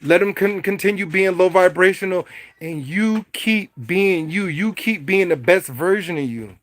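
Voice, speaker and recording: A man's voice: high-pitched, normal speed, fairly bright tone, dry recording. A man hosting a casual livestream, talking animatedly and preachily to his chat, often stuttering on repeated words. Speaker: livestream host.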